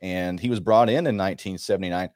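Man in his 40s, fill-in host, lowish voice, dry close sound, halting and restarting, conversational. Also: darkish tone, dry recording. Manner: halting, with frequent restarts and stumbles. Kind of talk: conversational panel discussion.

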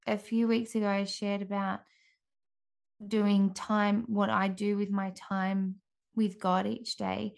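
Slow earnest mum giving a faith talk, bit of gravel in her voice, lots of restarts. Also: mid-range voice, a little mellow. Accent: Australian. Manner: earnest, with frequent restarts and pauses. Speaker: podcast host. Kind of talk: faith-based encouragement talk.

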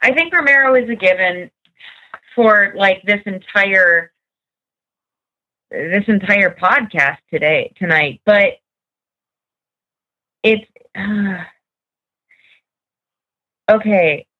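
A woman's voice: medium pitch, slow, pauses often. A woman on a casual podcast panel, talking in a hesitant way with many fillers. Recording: dull lo-fi sound.

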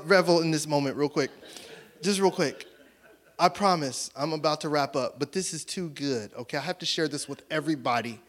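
A man preaching as a pastor in a church, telling a personal story with animated voices for each side of a conversation and laughing often as he talks. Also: a little high, fairly quick. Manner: animated storytelling, acting out both sides of conversations; laughs often while talking. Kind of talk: sermon.

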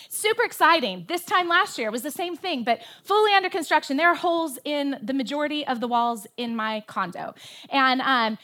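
A woman's voice: high voice, pushed and bright. A woman pastor delivering a sermon from a church stage, telling a story with animation and stressing her points with emphasis.

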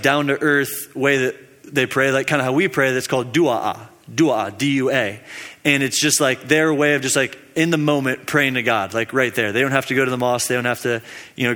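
A man's voice: mid-range voice, bright, forceful tone, in a large hall. A young man giving a casual, storytelling sermon at a midweek teaching, rambling and chatty, with plenty of fillers and laughs at his own jokes.

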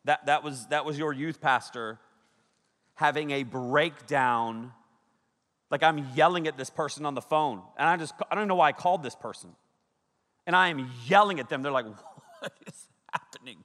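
Bright-voiced youth pastor in a reverberant hall. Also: male voice, fairly high pitch, normal speed. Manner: animated storytelling, shouting quoted lines, frequent laughs. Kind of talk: youth sermon. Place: large hall with a big audience. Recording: echoey hall with long reverb.

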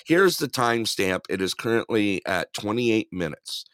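A man's voice: on the low side, expressive, normal speed, a bit bright, no echo, clean studio sound. A man co-hosting a casual podcast chat who laughs often and keeps repeating his own catchphrases. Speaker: podcast co-host.

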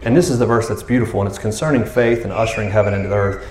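A man's voice: fairly low pitch, steady tone, racing, a little mellow, echoey room. A man preaching a casual, conversational sermon, acting out quoted voices as he goes. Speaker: pastor.

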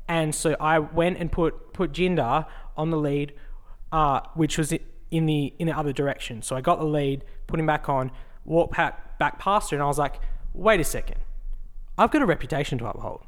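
A man co-hosting a casual chat podcast, telling a story animatedly and acting out both sides of an argument. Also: fairly high pitch. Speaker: podcast co-host.

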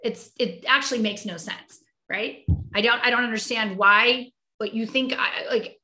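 A woman's voice: a little high, moderate pace, sharp tone, roomy sound. A woman guest talking heartfelt and reflective in a conversational interview, often restarting her sentences. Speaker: podcast guest.

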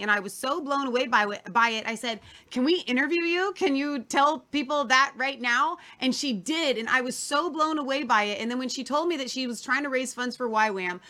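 An enthusiastic woman hosting a faith talk show, her voice sitting on the high side and ringing bright. She introduces her guest in an effusive way, with a few fillers along the way. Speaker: show host.

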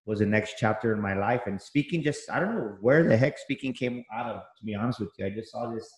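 A man's voice: lowish voice, quick pace. A middle-aged man from Texas, a motivational coach, talking enthusiastically as an interview guest, often repeating words as he starts. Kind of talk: energetic interview talk. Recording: roomy echo.

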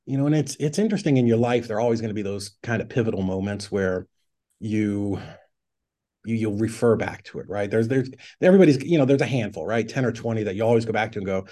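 This middle-aged man talks fast in a fairly low, mellow voice, telling a story as a podcast guest. A real estate investor, he keeps it conversational, scatters "like" throughout, and acts out what went through his head.

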